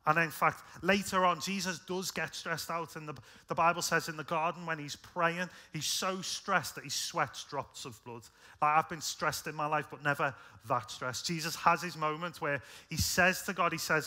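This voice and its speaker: A British man preaching a sermon, conversational and earnest, rising in force then dropping soft. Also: on the high side, normal speed. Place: church.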